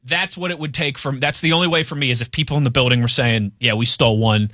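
Joking sports radio host, bright voice. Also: male voice, on the high side, no echo, studio quality. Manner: joking, quick banter, reads listener tweets. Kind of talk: casual sports talk.

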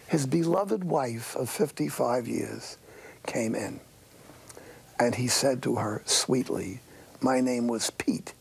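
Slow, gravelly older priest. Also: male voice, medium pitch, poor audio. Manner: folksy storytelling, wry. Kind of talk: sermon-like talk.

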